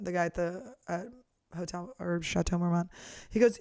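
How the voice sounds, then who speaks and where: A woman's voice: lowish voice, quick pace, no room sound, studio quality. A woman comedian talking in a casual monologue, blunt and profane as she rants. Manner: blunt, profane, lively ranting. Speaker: professional comedian, podcast host.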